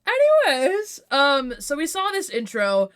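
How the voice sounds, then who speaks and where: A woman chats on a podcast in a relaxed, casual way, swearing now and then. Her voice sits a little high. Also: a little slow. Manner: relaxed, swears, laughs easily. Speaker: podcast guest. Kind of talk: casual recap chat.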